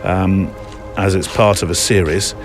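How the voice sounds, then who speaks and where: A man's voice: sits low, fairly even intonation, unhurried, music in the background. A middle-aged man hosting a photography podcast in a casual, rambling, self-deprecating way, with many fillers. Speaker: podcast host. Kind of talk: casual chat.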